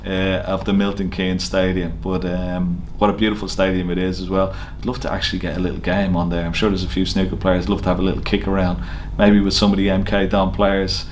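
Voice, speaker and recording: A man's voice: low voice, level tone, a little fast, hardly any pauses, a little hiss or hum. A man, a snooker player, casually telling an anecdote to camera with lots of fillers and easy laughter. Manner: chatty storyteller, frequent fillers and laughs. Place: snooker venue.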